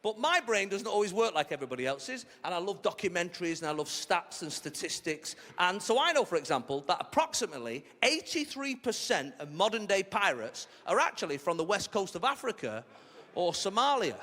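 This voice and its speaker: Animated British comic on a big stage. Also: male voice, high-pitched, fairly quick, big-room sound. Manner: animated, cheeky, slips into silly character voices. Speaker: stand-up comedian. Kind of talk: stand-up comedy set. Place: large theatre stage. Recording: live theatre recording with audience laughter.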